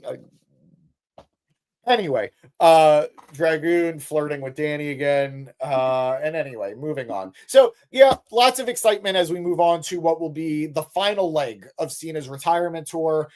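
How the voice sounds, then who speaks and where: A man's voice: on the high side, unhurried, darkish tone. Chatty man reading live chat aloud. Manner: reads chat comments aloud and swears jokingly. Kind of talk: casual live stream chat.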